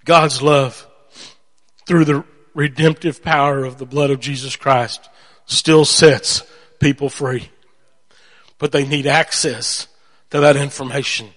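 A man's voice: medium pitch, slow, pauses often. A man preaching a sermon, telling stories animatedly and acting out voices. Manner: animated storytelling, acts out voices. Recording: long hall reverb.

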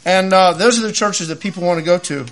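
A man, preaching a sermon in a folksy, animated storytelling way. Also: high voice, quick pace. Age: 50s. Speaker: lay preacher.

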